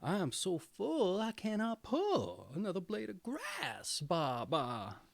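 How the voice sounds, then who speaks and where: High bleating she-goat, sly and greedy, swinging wildly in pitch; a man plays her in a dry storybook read. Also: huge pitch swings, slow, creaky, dry recording, heavily acted. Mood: sly whining. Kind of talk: storybook reading.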